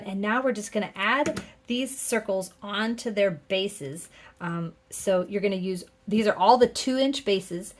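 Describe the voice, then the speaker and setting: A middle-aged woman chatting her way through a card-making tutorial, upbeat and full of fillers and quick self-corrections. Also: mid-range voice. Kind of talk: casual crafting tutorial.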